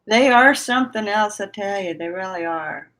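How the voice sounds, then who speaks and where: Here a woman runs a casual livestream, talking with her viewers at a normal speed in an animated, medium-pitched voice that's a bit bright. She laughs a lot and stretches her words out.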